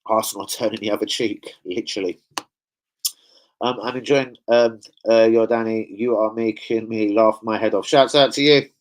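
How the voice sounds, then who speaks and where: A man's voice: fairly low pitch, steady tone, normal speed, poor audio. A man hosting a football fan live stream, swearing heavily and bantering with slang as he reads the chat. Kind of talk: casual live-stream rant reading chat.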